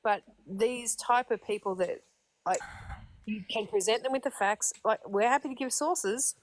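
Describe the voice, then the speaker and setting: A woman in a live debate talks in a weary, sighing way at an ordinary pitch. Faint noise and clicks sit behind her voice. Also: normal speed. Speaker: debate co-participant.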